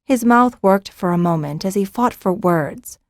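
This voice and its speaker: A woman's voice: mid-range voice, lively intonation, a little slow, no echo. Woman narrating an audiobook, dry studio. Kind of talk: scripted narration.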